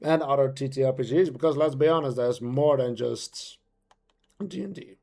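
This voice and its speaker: A man's voice: medium pitch, normal speed, vocal fry, darkish tone. A man chatting casually on a live stream, rambling playfully with lots of fillers as he talks about his voice-acting hobby.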